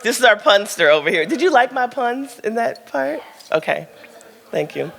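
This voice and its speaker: A woman's voice: on the high side, big pitch swings, moderate pace, gravelly, fairly bright tone. A candid woman author chats with her audience at a live book event, laughing easily and telling stories full of ums and likes. Her voice carries a long reverb from the hall around her. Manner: frank, chatty and laughing, tells stories with lots of fillers. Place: event room at a book launch.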